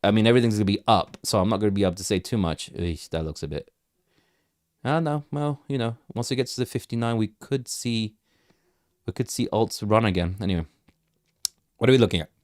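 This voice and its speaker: A man with a lowish voice hosts a crypto livestream, talking through market levels in a loose, rambling way. He restarts sentences, repeats words and keeps asking the chat what to look at, recorded close and dry. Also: expressive, fairly quick, darkish tone, dry recording. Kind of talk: casual live market commentary.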